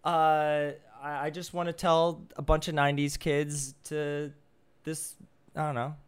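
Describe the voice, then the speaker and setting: A young man on a podcast rambles through his movie memories. His voice sits a little high, and he gets excitable. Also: a little slow, clean tone. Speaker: podcast co-host. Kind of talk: casual movie chat.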